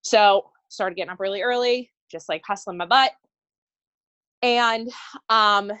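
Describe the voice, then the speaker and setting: A woman in her thirties tells her business story to a group call in a casual, filler-heavy way. She is emphatic and sometimes emotional, at an ordinary mid pitch. The sound is close and dry. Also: measured pace, fairly bright tone, smooth, no room sound, dull audio. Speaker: network marketing coach. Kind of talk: motivational testimony on a group call.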